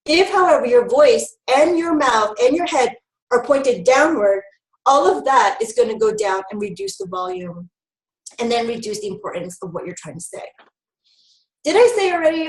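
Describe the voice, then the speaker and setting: A woman health educator giving a lively, fast-talking training talk on public speaking, with frequent fillers. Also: on the high side. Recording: roomy, mic at a distance.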